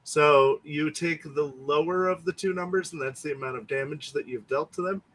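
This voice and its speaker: A man running a tabletop game as game master, easygoing and quick to laugh. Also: on the high side, fairly bright tone, a little hiss or hum.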